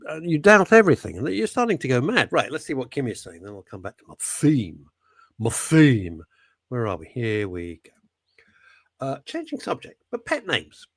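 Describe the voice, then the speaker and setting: A man's voice: mid-range voice, wildly swooping pitch, normal speed, vocal fry, dry recording. A man hosting a talk radio show, rambling and jokey as he talks through listener messages. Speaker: radio host. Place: radio studio.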